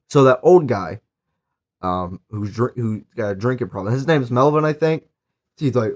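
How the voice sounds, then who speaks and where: A man's voice: medium pitch, lively intonation, unhurried, long pauses. A young man recapping and reviewing a horror movie in a casual, rambling way, with lots of fillers and eager praise. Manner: rambling, filler-heavy, enthusiastic.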